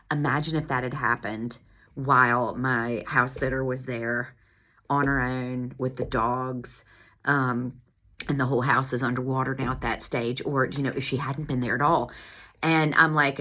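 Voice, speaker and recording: A woman chiropractor telling a story in a casual monologue, animated and laughing as she acts out her own exclamations. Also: low voice. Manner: animated, laughing, lively retelling with acted-out exclamations.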